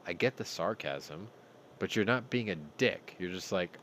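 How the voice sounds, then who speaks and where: A man's voice: on the low side, wildly swooping pitch, moderate pace, a bit bright, slight background noise. A man hosting a news commentary show, talking bluntly with heavy profanity and open anger. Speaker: host.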